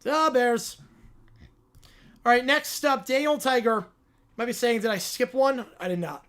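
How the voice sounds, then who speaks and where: A man's voice: very high-pitched, expressive, moderate pace, a bit bright. A man hosting a live sports reaction stream, casually reading and answering viewer messages. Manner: offhand, reads viewer messages and answers them. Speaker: livestream host.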